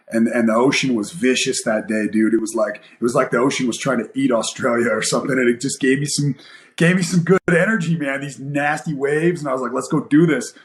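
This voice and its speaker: In an echoey room, a man with a mid-range voice tells a story during a casual interview. He's a guest, an MMA coach and former fighter, and he narrates animatedly, acting out quoted voices and using many fillers.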